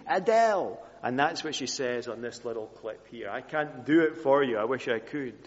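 Earnest preacher in an echoing hall. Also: male voice, medium pitch. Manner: earnest, voice sinking soft at phrase ends. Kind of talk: sermon. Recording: reverberant hall, dull lo-fi sound.

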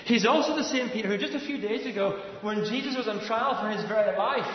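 Male preacher, storytelling sermon, high voice, echoey hall, dull lo-fi sound. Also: a little hiss or hum. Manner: vivid retelling with shifting pace and dramatic pauses.

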